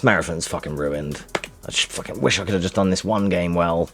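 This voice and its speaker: A man giving frustrated, swear-heavy live commentary while speedrunning a game, muttering to himself and shouting at the game. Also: low voice, a little fast, soft background music. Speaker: speedrunner streaming.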